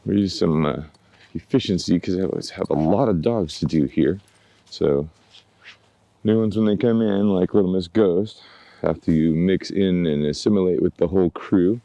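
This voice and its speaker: At a moderate pace and with some vocal fry, a deep-voiced man who trains dogs chats casually to his handheld camera as he walks them in a yard near the woods. He stays relaxed, coaxing the dogs with pet names, and there's no echo.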